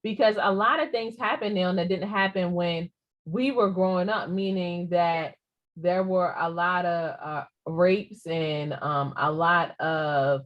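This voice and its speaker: A middle-aged woman co-hosting a casual podcast chat, animated and quick to laugh, making playful mock threats as a mother. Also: fairly low pitch. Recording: slightly dull lo-fi audio.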